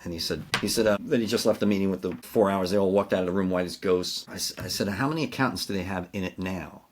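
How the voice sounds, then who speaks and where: Middle-aged man spinning lively business stories. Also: low voice, quick pace, a little hiss or hum. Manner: animated anecdotes with acted-out dialogue, frequent fillers. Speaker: podcast guest, CEO coach. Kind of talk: storytelling in a business interview.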